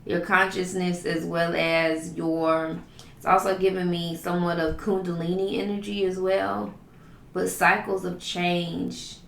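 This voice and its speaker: Gravelly-voiced woman giving a tarot reading. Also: lowish voice, level tone, a little slow, a bit bright, roomy sound, slight background noise. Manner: flowing, repetitive, affirming delivery with many list phrases. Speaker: tarot reader.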